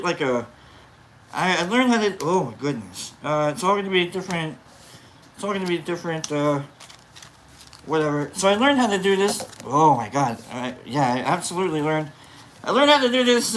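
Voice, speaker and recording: A man casually chatting on a livestream as its host, rambling and playful, quick to get excited. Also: a little high, a little hiss or hum.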